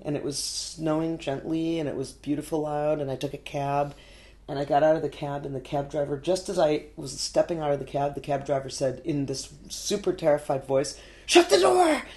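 A woman's voice: deep voice, steady tone, normal speed, dark tone. A woman artist from New York, telling stories in a casual interview with many fillers and frequent laughs. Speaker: artist guest.

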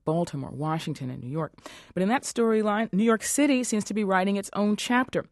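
Woman news host, lower voice, formal measured read, dry studio sound. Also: darkish tone, dry recording. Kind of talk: scripted news presentation and interview.

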